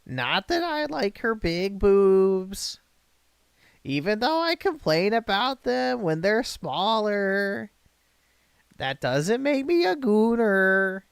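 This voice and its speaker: A man putting on a shrill, screeching voice to parody a hypocritical young woman, slow and sneering. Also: big pitch swings, creaky, smooth, no echo, heavily acted.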